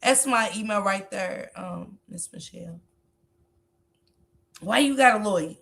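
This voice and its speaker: A woman's voice: mid-range voice, unhurried, vocal fry, fairly bright tone. A woman in her forties hosting a reaction commentary stream, talking in a blunt, emphatic way and swearing freely. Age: 40s. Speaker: commentary livestream host.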